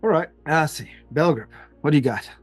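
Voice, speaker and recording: A man's voice: fairly high pitch, lively intonation, fairly quick, husky, soft background music. A man narrating as game master of a tabletop game, rambling with fillers and frequent laughs.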